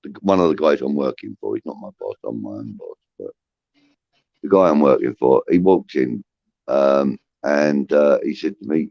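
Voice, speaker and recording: A man's voice: rumbling low, animated, normal speed, creaky, no room sound, dull audio. A man hosting a casual livestream, rambling with many restarts and swearing, reading out chat comments. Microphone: phone.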